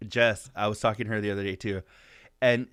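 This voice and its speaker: A man's voice: lowish voice, steady tone, brisk, fairly bright tone, clean tone, dry recording, clean studio sound. A young adult man co-hosting a podcast, rambling through stories, laughing often and swearing freely. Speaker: podcast co-host. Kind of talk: casual profane chat.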